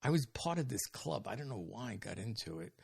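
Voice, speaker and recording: A man's voice: mid-range voice, lively intonation, a little fast, creaky, darkish tone, breathy edge. A man in his seventies, a comedian from New York, telling rambling, self-amused stories in a casual interview. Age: 70s. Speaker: comedian guest.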